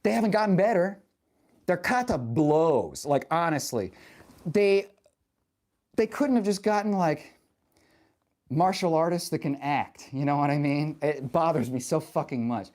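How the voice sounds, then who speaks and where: A man's voice: fairly high pitch, measured pace. Rambling, profane male streamer. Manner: rambling and profane, with frequent fillers; animated and passionate when ranting. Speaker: live streamer. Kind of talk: casual live-stream chat answering viewers.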